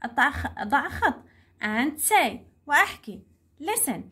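A young woman teaching an English lesson to young pupils, speaking slowly and clearly and saying each word twice. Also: high-pitched, big pitch swings, sharp tone.

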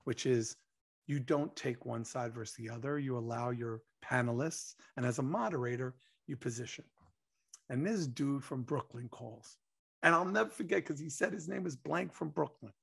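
A man, telling an animated story as an interview guest and acting out quotes. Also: mid-range voice, vocal fry, breathy edge. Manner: excitable, acts out quotes, laughs.

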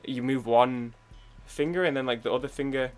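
A man's voice: mid-range voice, steady tone, moderate pace. A young British man chatting casually while playing a game, rambling with many restarts and idle humming. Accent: British English. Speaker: gaming YouTuber. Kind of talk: casual gaming commentary.

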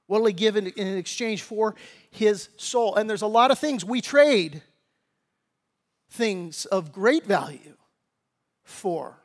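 A man's voice: expressive, slow, long pauses. A man preaching a sermon as pastor, reading scripture and breaking into casual, slangy asides, rising and pressing when he exhorts. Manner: conversational preaching, grows louder and higher when exhorting.

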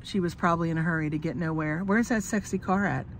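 A woman's voice: lowish voice, fast, a little hiss or hum. A woman vlogging from inside a car on her phone, chatting and joking while sick with a cough, swearing and laughing often. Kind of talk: casual chat to camera.

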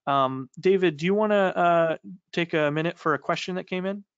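Smooth-voiced New England man, halting webinar talk. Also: on the high side, no room sound. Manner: halting, many fillers and restarts. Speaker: webinar co-host. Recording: slightly dull dry audio.

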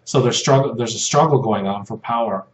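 A man giving a casual spoken lesson over slides, halting with many fillers and restarts, softening when he repeats short prayer phrases. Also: mid-range voice. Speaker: video host teaching about control dramas. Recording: dull lo-fi audio in a roomy space with faint hum.

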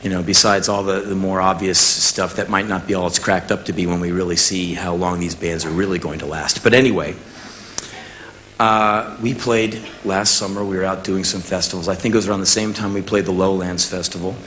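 An American man in his thirties telling a spoken-word story, acting out the people in it with shouts and laughs. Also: sits low, a little fast, a little hiss or hum. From United States. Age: 30s. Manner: animated, acts out quotes with shouts and laughs. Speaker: musician telling a story on stage.

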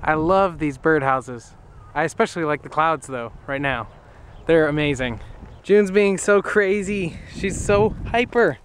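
A man's voice: a little high, expressive, unhurried, a little hiss or hum. A young man chatting casually to camera while out with his dog in a field, a little out of breath. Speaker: vlogger. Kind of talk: casual vlog chat. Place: outdoors in a field.

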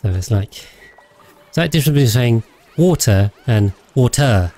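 A man's voice: medium pitch, expressive, moderate pace, warm tone. A man chatting casually on a livestream while playing a game, rambling with frequent hesitations and self-corrections. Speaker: game streamer.

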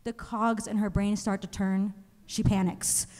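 A young woman doing a stand-up comedy set, telling animated stories and acting out other people's voices. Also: medium pitch, measured pace. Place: comedy stage in a museum venue. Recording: live show in a reverberant hall.

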